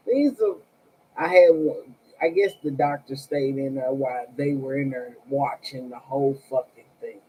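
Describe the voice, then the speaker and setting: A woman's voice: very deep voice, normal speed, warm tone, slight background noise, poor audio. A woman hosting a tarot live stream, telling stories casually with a sarcastic, profane manner and frequent laughter. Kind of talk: casual storytelling to viewers.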